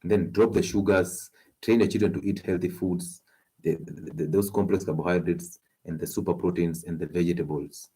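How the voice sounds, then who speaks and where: A man with a Kenyan accent hosting a health talk stream, animated and coaxing, laughing often as he gives advice. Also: low voice, brisk, husky. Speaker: health show host.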